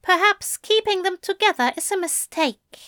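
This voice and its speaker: A woman's voice: very high voice, expressive, normal speed, fairly bright tone, no room sound, studio quality, voice pushed up. A woman voicing a prim, put-upon male angel in a storybook reading. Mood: weary. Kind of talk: audiobook reading of fan fiction.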